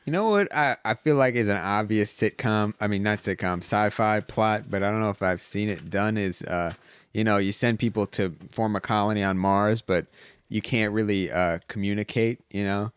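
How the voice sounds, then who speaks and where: A man's voice: on the low side, normal speed, clear, resonant tone, dry recording. A man in his twenties, a podcast guest in casual chat, rambling and hesitant. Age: 20s. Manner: rambling, hesitant, many restarts.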